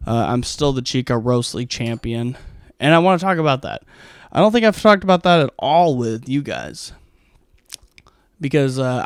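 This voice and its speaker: A man's voice: mid-range voice, clean tone, no room sound, clean studio sound. A man, a stand-up comic, telling stories in a casual, rambling monologue full of swearing and fillers. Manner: rambling, profane, heavy with fillers.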